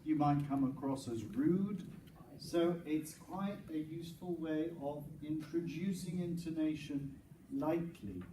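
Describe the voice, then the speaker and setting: A man's voice: a little high, a little slow. A man presenting a teacher-training workshop, explaining ideas with many restarts and fillers, in a crowded room. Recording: echoey room, distant mic, noisy.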